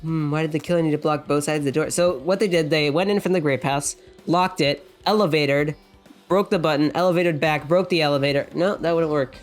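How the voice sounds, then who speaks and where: A woman's voice: deep voice, fairly even intonation, brisk, soft background music. A woman playing a game on a let's play channel, thinking aloud and reading the characters' lines in a plain voice. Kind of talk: casual game commentary reading dialogue aloud.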